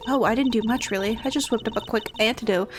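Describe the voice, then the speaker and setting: A woman's voice: a little high, fast, faint music behind, natural voice. A woman voicing a sweet, chatty older female pharmacist with a put-on British accent, calling everyone dear. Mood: cooing. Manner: cooing, calls everyone dear. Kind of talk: reading game dialogue aloud.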